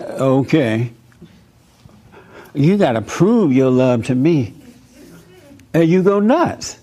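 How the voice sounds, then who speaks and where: A man, preaching to a small group in an animated, jokey way, telling anecdotes and acting out the voices of people he quotes. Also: mid-range voice, takes it slowly, long pauses. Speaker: host speaking to a live group.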